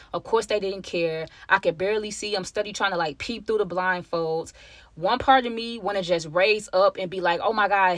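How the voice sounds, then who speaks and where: Woman, vlogger, casual storytelling, mid pitch, dry close sound. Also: fairly bright tone, dry recording. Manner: emotional storytime, addresses viewers as y'all.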